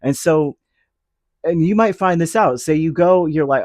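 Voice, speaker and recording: A man giving a casual tarot reading, chatty and animated, full of fillers and restarts. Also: on the high side, measured pace, dry recording, clean studio sound. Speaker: tarot reader.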